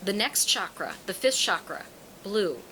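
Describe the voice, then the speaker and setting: A woman's voice: mid-range voice, unhurried, a little hiss or hum, rough recording. A woman who reads tarot cards and teaches, talking casually to an audience and acting out the people in her stories. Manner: animated storyteller, acts out quoted voices. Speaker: tarot card reader and teacher. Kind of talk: casual spoken talk to an audience.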